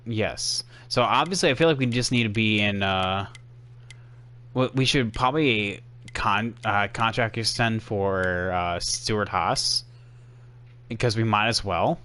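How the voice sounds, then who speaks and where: A man's voice: lowish voice, a little slow, pushed and bright. A young man casually commentating his racing game stream for his chat, sarcastic and easily exasperated, rambling with fillers.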